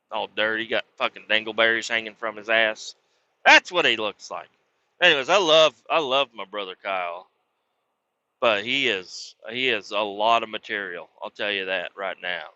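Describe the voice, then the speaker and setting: A man's voice: lowish voice, pushed and bright, no echo, dull audio. A man hosting a podcast, telling a rambling, profane story in a casual monologue and jumping into quoted voices of the people in it. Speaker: podcast host.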